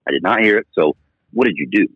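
A man with a husky voice co-hosting a sports radio show, asking questions in an animated, disbelieving way. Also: fairly low pitch, quick pace, no room sound, dull audio. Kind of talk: casual sports radio banter.

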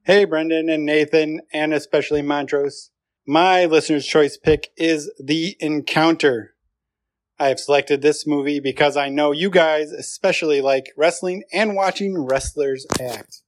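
A man's voice: fairly high pitch, fairly even intonation, measured pace. A man leaving a recorded listener message for a podcast, playful with mock-grand announcing.

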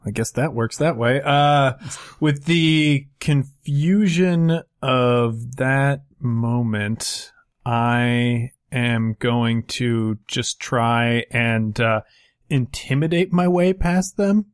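Male player, middle pitch, hesitant, declaring moves at the table. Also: very slow, clear, resonant tone. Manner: hesitant, with fillers. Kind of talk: playing a tabletop game.

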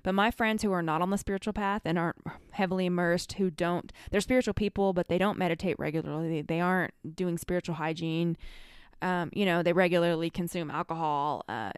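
A woman's voice: fairly low pitch, smooth, dry recording, studio quality. A woman from the United States, an energy healer, giving earnest, conversational advice with many fillers. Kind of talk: casual advice monologue.

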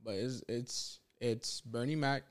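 A man's voice: medium pitch, fairly even intonation, takes it slowly, clear, resonant tone. Young man, hedging slangy chat. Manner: slangy, hedging, stumbling restarts. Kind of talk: casual chat.

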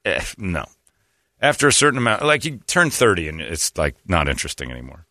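A man in his thirties in a casual comedic chat, mocking and quick to slip into high falsetto voices for people in his stories. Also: sing-song, pushed and bright, dry recording, studio quality. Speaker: podcast co-host.

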